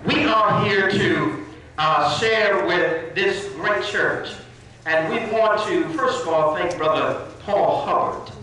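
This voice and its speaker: A man's voice: high-pitched, slow, bright, forceful tone. A man addressing a church congregation, leading call-and-response praise and thanking the choir. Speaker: minister. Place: church hall. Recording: echoey church hall from far off.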